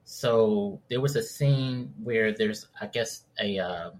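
A man chatting as a podcast guest, thoughtful and halting as he recalls things. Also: fairly low pitch. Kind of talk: casual chat.

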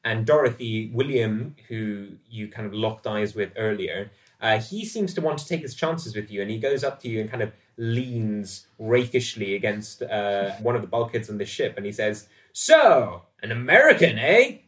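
A man's voice: on the low side, moderate pace. Male game master, laid back and rambly, sounds far off and roomy. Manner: relaxed, rambling, filler-heavy. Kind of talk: narrating a tabletop game. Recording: echoey and distant from the mic.

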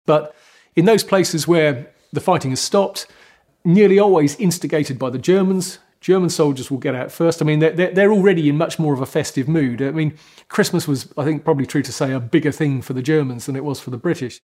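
A man, a historian, explaining in an interview in a deliberate, hedging way, with repeated restarts. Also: fairly high pitch, darkish tone. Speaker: historian guest.

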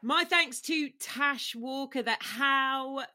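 A woman's voice: high-pitched, slow, pushed and bright, soft background music. A woman in her forties hosting a podcast, chatting in a cheeky, playful, bubbly way. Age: 40s. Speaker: podcast host. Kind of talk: casual podcast chat.

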